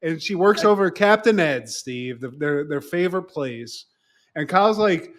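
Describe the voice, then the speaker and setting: High-voiced animated male podcaster. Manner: animated, profane, quick storyteller. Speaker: podcast co-host. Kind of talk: casual podcast chat recapping a show.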